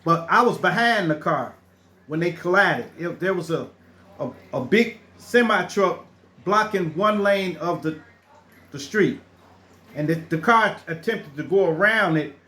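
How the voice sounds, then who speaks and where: Man, middle-aged, high voice, casual rambling storytelling, frequent restarts. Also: lively intonation, unhurried, pushed and bright. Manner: rambling with frequent restarts, acts out the people in his stories.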